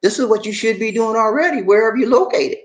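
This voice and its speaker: A man's voice: sits high, fast, poor audio. A man hosting a casual livestream, chatting to his viewers and calling them y'all. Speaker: livestream host.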